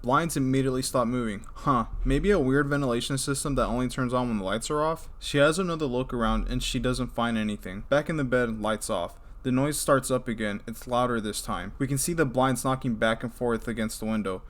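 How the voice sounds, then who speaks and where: Young male storyteller, laid-back reading with chatty tangents, average pitch. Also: brisk, few pauses. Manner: rambling asides, frequent restarts and filler. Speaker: reader of scary stories. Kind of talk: casual story reading with commentary.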